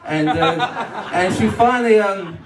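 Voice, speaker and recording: A man's voice: sits high, takes it slowly, background noise. A man doing a live stand-up set, crude and self-deprecating, bantering with the crowd. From England. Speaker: stand-up comedian. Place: comedy night in a club function room. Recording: roomy live hall from far off.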